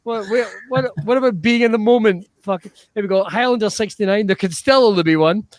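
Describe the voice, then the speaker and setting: A man hosting a live online comedy show over a video call, giggly and excitable, swearing playfully. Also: sits high, fairly quick, no room sound, studio quality. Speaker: host.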